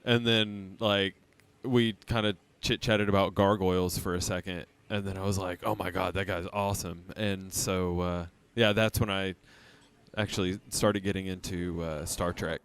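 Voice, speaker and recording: A man's voice: deep voice, flat delivery, a little slow, fairly bright tone, smooth. A man hosting a podcast, chatting casually and hesitantly, with frequent fillers. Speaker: podcast host. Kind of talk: casual chat.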